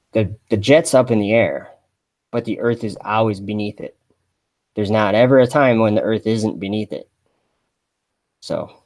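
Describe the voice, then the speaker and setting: A man chatting on a mock live stream in a deadpan, rambling way, full of fillers and restarts. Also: fairly low pitch. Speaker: satirical livestreamer posing as an astronaut.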